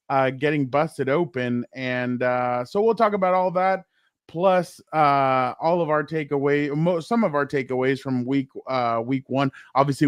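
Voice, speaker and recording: Male co-host, casual sports talk, smooth resonant tone, dry close mic. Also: on the high side, no room sound. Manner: rambling, lots of fillers and laughs. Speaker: podcast co-host.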